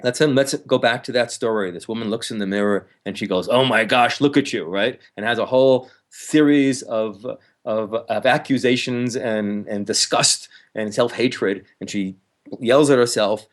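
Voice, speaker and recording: A man, a counselor, talks as an interview guest, explaining with lively energy, laughing now and then and acting out harsh inner voices. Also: mid-range voice, moderate pace. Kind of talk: explanatory conversational talk.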